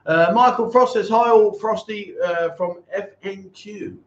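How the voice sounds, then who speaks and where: A man's voice: sits high, a little slow. A man hosting a casual livestream, chatting and joking with viewers as he reads their comments. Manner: chatty, jokey banter with viewers. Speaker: livestream host. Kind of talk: casual live chat reading comments. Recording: echoey room, dull lo-fi sound.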